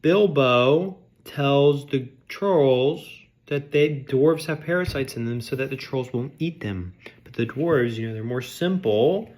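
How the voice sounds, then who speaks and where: A man's voice: mid-range voice, takes it slowly, hardly any pauses, darkish tone. A man delivering a comedic rant, mock-outraged and sarcastic, insulting his audience. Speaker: vlogger.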